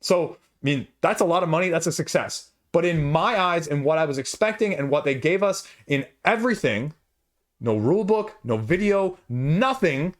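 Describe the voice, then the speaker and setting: A man hosting a board game channel, ranting casually to camera in a passionate, emphatic way, his voice jumping when he gets worked up. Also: high-pitched. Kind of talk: casual opinion rant to camera.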